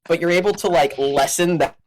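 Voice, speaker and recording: A woman narrating as game master of a tabletop game, animated and chatty. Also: on the low side, a little fast. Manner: animated, counts squares under breath.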